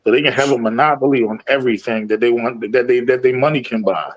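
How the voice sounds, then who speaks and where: A man's voice: medium pitch, steady tone, fast talker, rough recording. Laid-back man chatting in slang. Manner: laid-back slang, often asks "you feel me". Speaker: podcast co-host. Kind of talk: casual chat.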